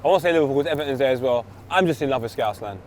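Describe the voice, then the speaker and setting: A man with a London accent co-hosting a casual football chat, excitable, with loud outbursts and quiet asides. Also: mid-range voice, racing, slight background noise. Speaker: podcast co-host.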